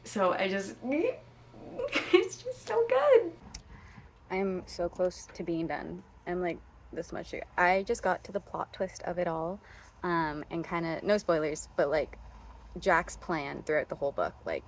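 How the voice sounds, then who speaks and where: Vlogger, woman, 20s, lowish voice, excitable and dramatic chat over faint background hiss. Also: normal speed. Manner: gushing, dramatic, often whispering. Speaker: reading vlogger. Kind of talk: casual vlog chat.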